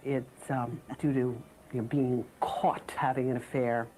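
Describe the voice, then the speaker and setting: A woman's voice: a bass voice, flat delivery, unhurried, a loud crowd, low-quality recording. A woman interviewed for a documentary, giving opinionated and sarcastic commentary. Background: music bed.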